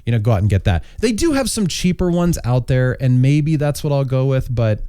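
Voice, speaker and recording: A man's voice: mid-range voice, sing-song, fairly quick, warm tone, clear, resonant tone, no room sound, clean studio sound. A man hosting a casual chat podcast, talking in a rambling, self-correcting way while recovering from covid. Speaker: podcast host.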